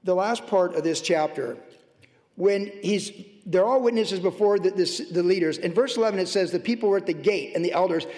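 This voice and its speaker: A man preaching a sermon as pastor, passionate and swinging between loud outbursts and hushed asides. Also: high-pitched, fairly quick, big-room sound. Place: church sanctuary.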